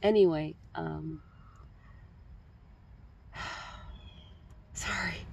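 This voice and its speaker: Gravelly, flustered rambling vlogger. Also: mid-range voice, steady tone, measured pace, darkish tone, muffled recording, slight background noise. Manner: flustered, rambling, self-interrupting; laughs at own jokes. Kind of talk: casual rambling vlog monologue. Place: at home, just woke up. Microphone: recording only audio, no video.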